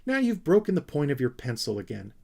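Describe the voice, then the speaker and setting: A man voicing a vain, bright-eyed young female Snork creature who talks in a breezy, coaxing way. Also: a little high, wildly swooping pitch, brisk, vocal fry, voice pushed up, exaggerated voice.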